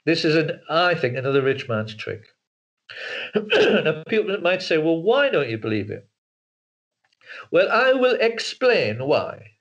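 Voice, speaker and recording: A man talks as an interview guest, his voice sitting a little high for a man. He is hesitant, repeating words and restarting sentences as he goes. The sound comes through a video call and is dull and lo-fi. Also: sing-song, unhurried, pauses often, a bit bright. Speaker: guest, author and filmmaker. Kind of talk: casual interview talk.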